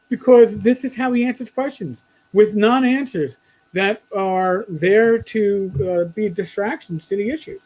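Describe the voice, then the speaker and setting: A man's voice: high voice, moderate pace, darkish tone, poor audio. A man from New York with a New York accent, co-hosting a casual live-stream chat and reading out comments. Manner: chatty, trailing off and restarting, reading out comments. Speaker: co-host.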